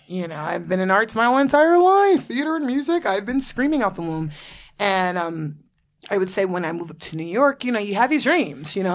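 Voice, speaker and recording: Bubbly thirtysomething woman hosting a podcast, swears a lot, laughs easy. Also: medium pitch. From Florida. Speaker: podcast host. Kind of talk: casual chat.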